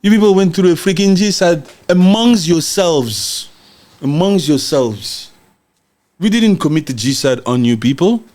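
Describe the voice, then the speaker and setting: A man's voice: fairly high pitch, lively intonation, moderate pace, a little mellow. Heated man hosting a livestream. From DR Congo. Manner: heated, emphatic, repeats words, mild cursing. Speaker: podcast host. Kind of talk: livestream commentary reading viewer comments.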